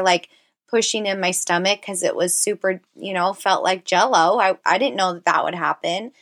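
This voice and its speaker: A woman's voice: mid-range voice, a bit bright. A woman in her thirties, a personal trainer hosting her own podcast, talking casually and encouragingly, with frequent fillers like "like". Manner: encouraging, heartfelt, chatty with frequent "like".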